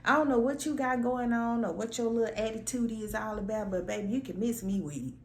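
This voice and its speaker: A woman vlogger telling a story in a sassy, animated, slangy way, acting out her own lines. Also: on the high side, fairly quick, roomy sound, a little hiss or hum. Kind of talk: casual storytelling rant.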